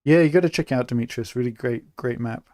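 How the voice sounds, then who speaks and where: A young man from England giving relaxed, chatty live commentary while he plays a city-building game, thinking aloud as he goes. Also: medium pitch, fairly quick, dry recording. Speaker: streamer.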